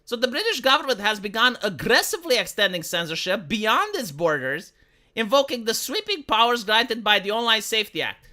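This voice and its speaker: Woman streamer with a Romanian accent: bright, lively pitch, sarcastic profane rant. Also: brisk. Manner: sarcastic, profane, mocking quoted voices. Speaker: live streamer. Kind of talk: ranting commentary stream.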